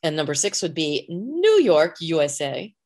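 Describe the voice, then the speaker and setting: A woman's voice: low-pitched, sing-song, normal speed, darkish tone. A woman co-hosting a casual chat podcast, chatty and laughing often. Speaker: podcast co-host.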